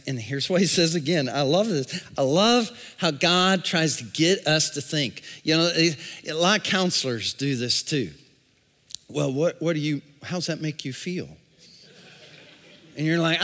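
A male pastor preaching a sermon, calling out to the congregation and swinging from shouts to a near-whisper. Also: a little high, lively intonation, unhurried. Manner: call-and-response preaching. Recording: long reverb in a large hall.

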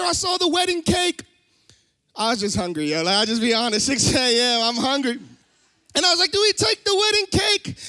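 Middle-aged pastor guy, high bright voice, dry close sound, goes loud then drops low telling his story. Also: dry recording. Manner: animated storytelling, shifts between shouting and low asides. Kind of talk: sermon with personal story. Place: church sanctuary.

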